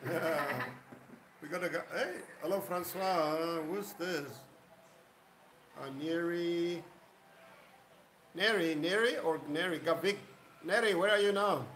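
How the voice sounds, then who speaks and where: A man's voice: a little high, slow, long pauses, fairly bright tone, echoey room, a little hiss or hum, rough recording. A man hosting a casual live stream, rambling and greeting viewers by name. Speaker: livestream host.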